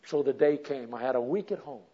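A man telling a homespun story as part of a sermon, chatty and plain, breaking into loud animated exclamations. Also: medium pitch, fairly quick. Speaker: speaker at a women's gathering. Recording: dull lo-fi recording.

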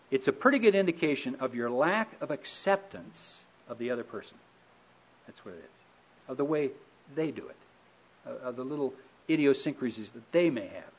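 A middle-aged man giving a relaxed, folksy talk on marriage, telling stories with gentle humor. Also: fairly high pitch, husky. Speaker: speaker on marriage. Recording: dull lo-fi recording.

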